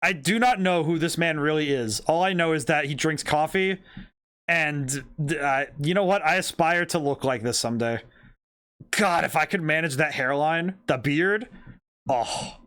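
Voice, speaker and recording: A man's voice: on the high side, a little slow, fairly bright tone, smooth. A man giving casual, joking gameplay commentary as a streamer, self-deprecating and chatty.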